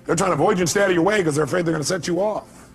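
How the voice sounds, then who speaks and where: A man's voice: high voice, very fast, gravelly. A man speaking live at a seminar, emphatic and repeating his key phrases, firing questions at the audience. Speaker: motivational speaker. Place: seminar hall.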